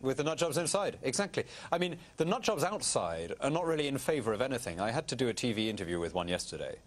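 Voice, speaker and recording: A man's voice: medium pitch, fast talker. A middle-aged British man, a guest on a TV interview, talking in an articulate, wry way. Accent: British English. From Britain. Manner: articulate, wry, animated storytelling. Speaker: guest politician.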